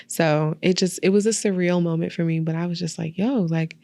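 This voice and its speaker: A young woman guest on a podcast, telling stories in a casual, animated way and acting out her own quotes. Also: lowish voice, fairly quick, vocal fry, hardly any pauses, dry recording. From Albany, New York. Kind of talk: casual interview chat.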